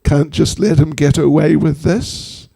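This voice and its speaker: Slow, gravelly male spiritual teacher. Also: fairly high pitch, steady tone, dark tone. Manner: humorous, chatty asides to audience. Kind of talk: devotional storytelling talk.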